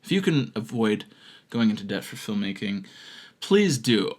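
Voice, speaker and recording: A man with a lively, sing-song voice that rises and dips a lot as he rants. He mocks what he reads with sarcastic jabs and breaks into laughter mid-sentence. He sounds like a filmmaker vlogger doing a comedic rant. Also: fairly low pitch, measured pace, vocal fry. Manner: sarcastic, mocking, laughs while talking. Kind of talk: comedic rant reading out comments.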